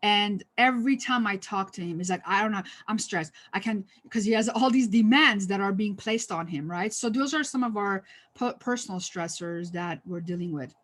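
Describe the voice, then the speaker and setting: An American woman trainer gives a conversational online workshop on stress in a medium-pitched, slightly bright voice at a moderate pace. Her delivery is full of fillers and restarts, with a light touch of humor.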